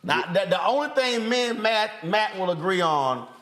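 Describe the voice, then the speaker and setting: A man's voice: sits high, animated, moderate pace, bright, forceful tone. A male talk show host ribbing his panel in slangy, joking banter, interrupting often.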